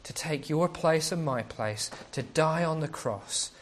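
Conversational male preacher, slightly high voice. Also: measured pace, slight background noise. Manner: conversational preaching with rhetorical questions. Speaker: pastor. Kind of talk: sermon.

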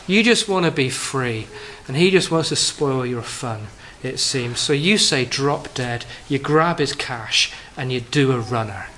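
A man preaching a sermon to a congregation, addressing them as friends, rising for emphasis and dropping soft and low on key phrases. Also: lively intonation, unhurried, hardly any pauses, a little hiss or hum, poor audio.

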